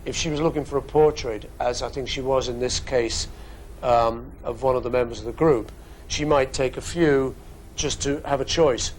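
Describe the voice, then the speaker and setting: A man's voice: medium pitch, steady tone, moderate pace, a little hiss or hum, rough recording. A man in his fifties with a Liverpool accent answers fan questions in a casual studio webcast, chatty and joking with wandering asides. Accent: Liverpool English. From England. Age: 50s.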